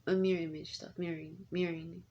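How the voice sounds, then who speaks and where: A woman's voice: fairly low pitch, little pitch movement, fast talker, muffled recording. A woman in her thirties, a parent, talking in a casual, rambling monologue full of restarts and asides. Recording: faint background noise.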